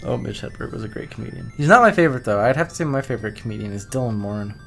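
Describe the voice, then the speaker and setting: A man co-hosting a retro game review, chatty and quick to laugh, full of fillers. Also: mid-range voice, animated, creaky, a bit bright, soft background music. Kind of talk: casual game commentary.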